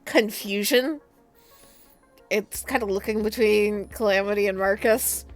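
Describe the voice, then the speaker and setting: Female tabletop player, slow and blunt, light music underneath. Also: medium pitch, fairly even intonation. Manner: unhurried, laughing, blunt. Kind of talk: tabletop role-play, describing her character.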